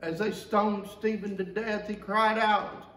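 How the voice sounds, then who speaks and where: A man preaching a sermon as pastor in a church, passionate, swinging between loud outcries and low, quiet stretches. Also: level tone, measured pace. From Georgia, USA. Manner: impassioned preaching with big swings of pitch and volume. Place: church sanctuary. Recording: echoey church from the mic's distance.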